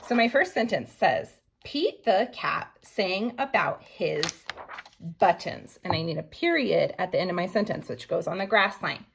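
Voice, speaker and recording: Slow-paced woman teacher sounding out words. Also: fairly low pitch, gravelly, a bit bright, breathy edge. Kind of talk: phonics writing lesson for young children.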